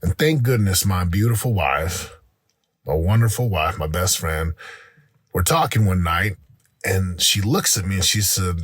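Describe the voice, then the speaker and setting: Energetic motivational man, low husky voice. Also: measured pace, no room sound, studio quality. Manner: energetic, repeats words and restarts. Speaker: podcast host. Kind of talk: motivational monologue.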